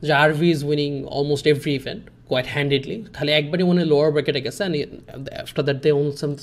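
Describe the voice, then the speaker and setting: A podcast host and coach talks fast in a fairly high voice during a casual streamed chat. He switches between English and Bengali and uses many fillers.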